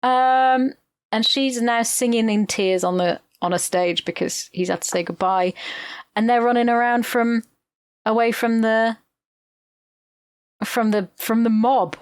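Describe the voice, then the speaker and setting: A woman's voice: fairly high pitch, steady tone, a little slow, smooth, dry recording, studio quality. A woman, co-hosting a podcast and retelling a film plot in casual chat, swearing freely. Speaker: podcast co-host.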